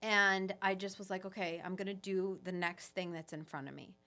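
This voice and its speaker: A woman's voice: mid-range voice, steady tone, moderate pace, bright, forceful tone. A woman who owns a spa, telling her story in a casual podcast chat, earnest and full of fillers. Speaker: spa owner guest.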